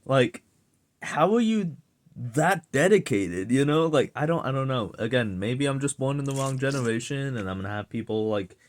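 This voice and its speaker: A young man rants to his viewers in a loose, off-the-cuff way. He swears freely and sounds exasperated, with a sarcastic edge. His voice sits at a middle pitch for a man. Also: fairly quick, hardly any pauses. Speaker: vlogger ranting. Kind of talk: casual rant to camera.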